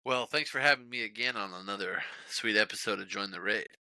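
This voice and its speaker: A man's voice: fairly low pitch, brisk, pushed and bright, no echo, poor audio. A man who is a returning guest on a casual podcast, blunt and dry in his teasing.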